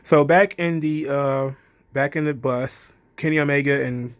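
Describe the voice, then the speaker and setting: A man's voice: on the high side, steady tone, unhurried, clear, resonant tone. A man giving a loose, rambling casual recap, filling his talk with "you know" and "kinda". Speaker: wrestling show reviewer.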